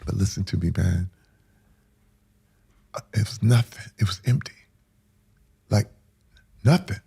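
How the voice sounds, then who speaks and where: This is a middle-aged man, a podcast guest, whose deep, gravelly voice carries lively intonation at a measured pace with frequent pauses. He tells an emotional personal story intensely, acting out quotes and moving between quiet and loud.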